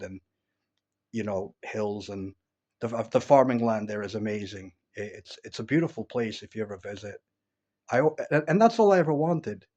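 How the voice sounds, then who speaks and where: A man's voice: mid-range voice, a little mellow, highs cut off. A man from upstate New York talking casually at home, rambling through his memories with many false starts. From upstate New York, USA. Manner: rambling, many restarts and fillers. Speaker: vlogger. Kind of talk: casual personal monologue. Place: at home, indoors.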